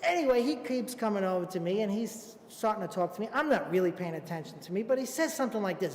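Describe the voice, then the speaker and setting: A man's voice: high voice, very animated, fast talker, hardly any pauses, slight background noise. Self-mocking storyteller man in an echoey hall. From Brooklyn, New York. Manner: self-mocking, comic asides. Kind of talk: live stage storytelling. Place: theater stage.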